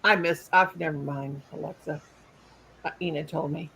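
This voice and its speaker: A woman's voice: sits low, fairly even intonation, normal speed, vocal fry, a bit bright, slight background noise, rough recording. A woman hosting a casual live stream, rambling and trailing off mid-sentence.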